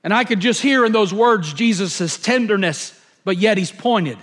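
A man's voice: sits high, moderate pace, fairly bright tone. A man preaching a sermon as a pastor. He repeats phrases for emphasis and acts out the scenes he describes.

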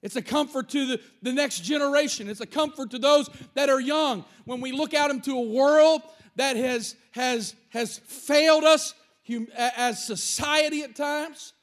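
High-voiced male pastor preaching. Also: moderate pace. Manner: emphatic, repeats words for stress. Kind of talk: sermon.

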